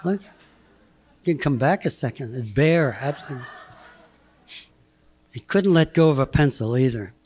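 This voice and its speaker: A man in his eighties giving a halting, anecdotal slide talk, chuckling between memories. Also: mid-range voice, animated, darkish tone. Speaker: guest speaker presenting slides. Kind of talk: anecdotal lecture.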